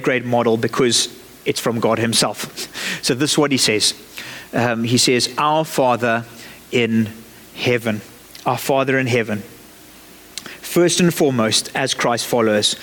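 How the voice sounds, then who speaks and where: A man's voice: medium pitch, moderate pace, a bit bright, long reverb tail. A man preaching a sermon in a church, conversational and lightly joking as he talks the congregation through his points.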